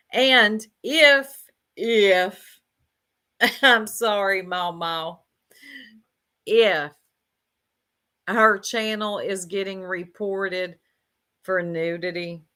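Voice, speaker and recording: A woman's voice: on the low side, sharp tone. A woman giving casual reaction commentary, blunt and sarcastic, laughing often and talking straight to her chat.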